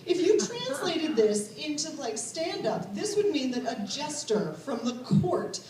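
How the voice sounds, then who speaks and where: A woman's voice: sits high, sing-song, measured pace, far from the mic, crowd noise. A woman performing a stand-up routine on a comedy stage, sardonic and rising to mock outrage. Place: comedy stage before a laughing crowd. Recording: echoey live room mic, audience laughter.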